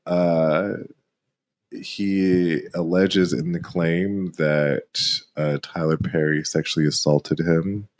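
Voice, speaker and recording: A man's voice: deep voice, fairly even intonation, slow pace, a little mellow. A man co-hosting a podcast in casual chat, explaining a topic carefully and hedging with frequent ums. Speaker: podcast co-host.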